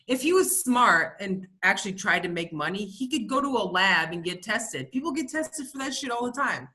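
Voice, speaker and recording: A woman's voice: mid-range voice, expressive, moderate pace, pushed and bright. A woman co-hosting a podcast, telling stories in a profane, ranting, casual comedic chat. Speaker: podcast co-host.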